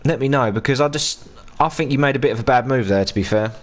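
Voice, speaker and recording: A man in his thirties with an English accent talks casually while he plays on a live stream. He rants and swears freely, and his voice sits at an ordinary middle pitch. He chats in a loose, unscripted way. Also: fast. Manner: ranting, sweary, chatty.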